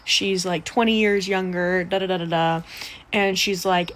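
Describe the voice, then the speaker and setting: A young woman telling a story in a casual, animated, profane way, acting out the other people's voices. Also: fairly low pitch, normal speed.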